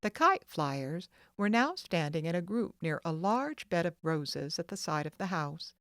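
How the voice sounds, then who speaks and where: A woman narrating a classic children's novel as an audiobook, in slow, expressive storytelling. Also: lowish voice, dry recording, studio quality. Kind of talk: scripted narration.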